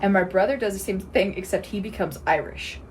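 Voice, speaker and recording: A woman in her twenties co-hosting a podcast, chatting casually, playful and quick to laugh. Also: mid-range voice, a little hiss or hum. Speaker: podcast co-host. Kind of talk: casual chat.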